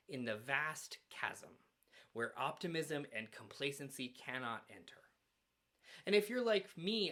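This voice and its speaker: A male minister giving a sermon at a church, earnest and measured, with dramatic pauses. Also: a little high, fairly bright tone. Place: church sanctuary.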